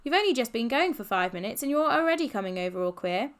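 A woman's voice: a little high, sing-song, clear, resonant tone. A woman voicing a bossy, old-fashioned posh schoolboy in an audiobook. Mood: brisk. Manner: clipped, brisk, scornful.

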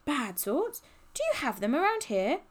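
An excitable, gushing schoolgirl from another era, all high, bright chatter , voiced by a woman reading a storybook. She speaks in a clipped, old-fashioned posh manner and sounds breathless with delight. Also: a little fast. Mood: alarmed.

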